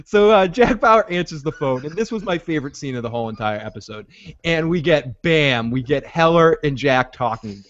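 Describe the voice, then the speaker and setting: Podcast host, male, rambling and excitable, slightly high voice, lo-fi dull sound. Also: moderate pace. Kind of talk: casual TV recap chat. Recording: dull lo-fi audio.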